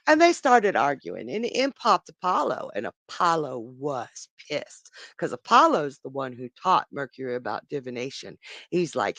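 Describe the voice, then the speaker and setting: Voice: mid-range voice, sing-song, normal speed, creaky, fairly bright tone, no echo. A psychic telling an ancient myth on a casual live stream, chatty and laughing at their own jokes. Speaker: psychic storyteller.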